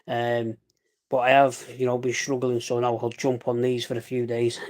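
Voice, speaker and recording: A man from Salford with a Mancunian accent, rambling in fast, casual live-stream chat and calling listeners "mate". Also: medium pitch, completely flat delivery, darkish tone. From Salford, England. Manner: rambling, chatty, says "mate" often; fast dialect.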